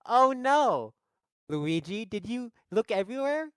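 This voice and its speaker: A man voicing a fussy young princess in a high falsetto. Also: sing-song, measured pace, clean tone, no echo, clean studio sound, exaggerated voice. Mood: fretting.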